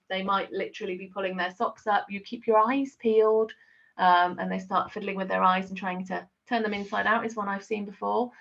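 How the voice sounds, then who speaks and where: A middle-aged woman teacher explains things in a chatty training talk, leaning on frequent fillers. Her voice sits at a middle pitch. The recording sounds dull and lo-fi. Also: vocal fry, fairly bright tone.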